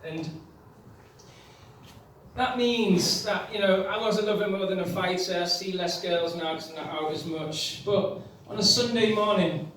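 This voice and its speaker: A man telling stand-up stories in a conversational, self-mocking way, with a fairly high voice. He sounds distant from the mic, with loud pub echo and faint noise behind him. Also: measured pace. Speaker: stand-up comedian. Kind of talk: stand-up comedy set. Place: pub venue with audience.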